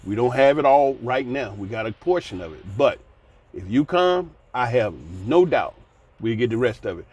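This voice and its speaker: A man in his sixties voicing a polite, businesslike male university executive making a measured offer. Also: medium pitch, lively intonation, a little mellow, slightly rough, pitched below the performer's own voice. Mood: polite pitch.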